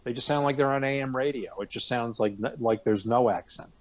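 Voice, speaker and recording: A man's voice: medium pitch, fairly quick. A middle-aged American man being interviewed, talking in a rambling, self-correcting way with a plain General American accent. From northern New York suburbs, USA. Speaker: guest actor. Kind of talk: casual interview chat.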